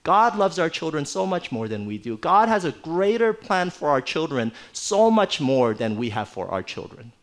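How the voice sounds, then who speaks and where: A middle-aged man preaching a sermon in a church, conversational and animated, with playful asides. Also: a little high, moderate pace, hardly any pauses. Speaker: pastor.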